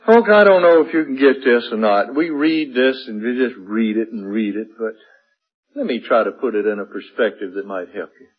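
A man's voice: medium pitch, normal speed, slightly rough, highs cut off. A man preaching a sermon in an emphatic way, repeating and building his phrases.

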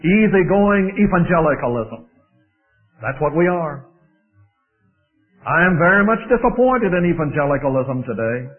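A man preaching a sermon, slow and emphatic, repeating phrases for stress. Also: a little high, lively intonation, narrow, tinny audio.

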